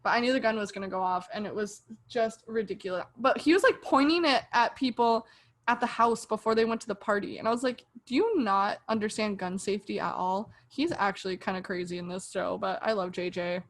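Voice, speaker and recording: A woman's voice: medium pitch, brisk. A young woman co-hosting a podcast, animatedly retelling a TV episode and acting out her own reactions. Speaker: podcast co-host. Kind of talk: casual chat reviewing a TV show.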